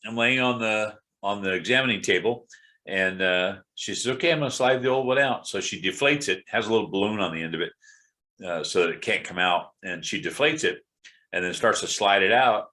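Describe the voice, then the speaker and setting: A man's voice: deep voice, moderate pace, sharp tone. A middle-aged man giving a rambling, candid personal update while sounding tired and congested. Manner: rambling, candid, many fillers and restarts. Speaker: video blogger.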